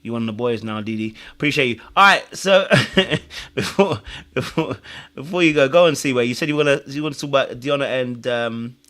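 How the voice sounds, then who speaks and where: A man's voice: medium pitch, fairly quick. Playful British man hosting a panel. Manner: playful, laughing, teasing. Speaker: panel host. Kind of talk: casual panel chat.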